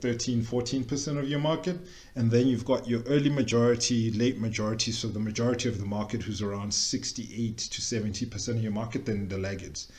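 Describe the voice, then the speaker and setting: Young man, lowish voice, casual workshop presenter, chatty with playful tangents. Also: darkish tone. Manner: chatty, joking asides, quick tangents. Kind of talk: casual explanatory talk.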